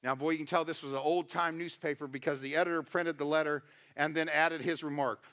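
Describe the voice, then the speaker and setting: Brief: male pastor, sermon, emphatic and chatty, bright and sharp, slightly high voice. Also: steady tone, a little fast. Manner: emphatic, acts out quotes in voices; conversational, asks the congregation questions.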